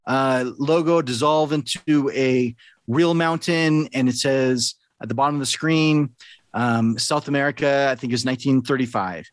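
A man's voice: a little high, no echo. A middle-aged man, a podcast host, chatting casually and telling an earnest story.

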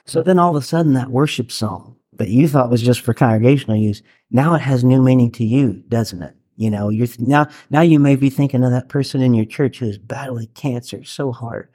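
An earnest middle-aged man speaks to a small group in a mellow, warm voice. He talks conversationally and keeps doubling back to restart his sentences. The sound is close and dry, with no room around it. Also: mid-range voice, a little fast, few pauses, slightly rough, dry recording. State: getting teary. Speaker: worship leader and chaplain teaching a workshop. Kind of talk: talk to a live group.

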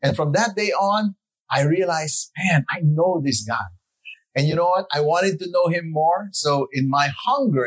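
Husky-voiced man in his sixties giving testimony. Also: a little high, rough recording. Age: 60s. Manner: earnest, reflective, frequent "you know" asides. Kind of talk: personal testimony sermon.

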